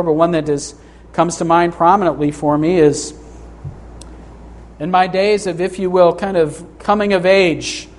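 A middle-aged man preaching a sermon in a church, earnest, slowing down to read scripture and lifting his voice for emphasis. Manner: earnest, rises in pitch for emphasis, reads scripture slowly. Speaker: pastor. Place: church sanctuary.

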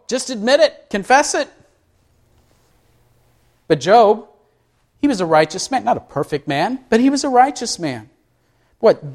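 Preacher man, rhetorical questions. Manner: asks the congregation questions, answers them himself; swings high and loud for emphasis. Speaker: pastor. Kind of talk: sermon.

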